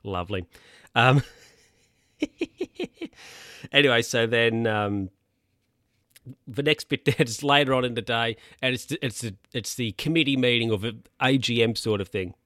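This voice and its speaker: A man's voice: mid-range voice, moderate pace, bright, forceful tone, no room sound, studio quality. A man casually recapping a story, rambling with lots of fillers and restarts. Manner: rambling, hesitant with many fillers. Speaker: podcast recapper. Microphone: handheld or desk mic, bumped by hand.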